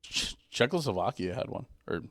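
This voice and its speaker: A man's voice: mid-range voice, sing-song, normal speed, a bit bright, dry recording, clean studio sound. A young man co-hosting a podcast, casually teasing his co-host and poking holes in his arguments. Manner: teasing, plays skeptic. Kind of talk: casual banter.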